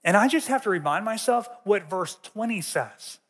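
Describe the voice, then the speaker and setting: A man with a fairly high voice gives a sermon in a conversational, storytelling manner. His voice carries a long reverb from a large church auditorium. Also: lively intonation, moderate pace, a bit bright, breathy edge. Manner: conversational, tells personal stories. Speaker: teacher.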